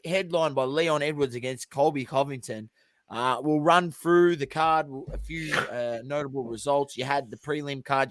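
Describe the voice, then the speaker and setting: A man's voice: medium pitch, a bit bright, no room sound. A man co-hosts a casual sports podcast, his voice dry and close with no room sound. He speaks animatedly, often restarting his sentences. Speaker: podcast co-host.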